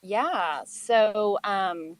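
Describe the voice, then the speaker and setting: A woman's voice: medium pitch, very slow, no room sound. A middle-aged woman, a guest on an online chat, explaining her work in a friendly way with fillers. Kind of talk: casual chat.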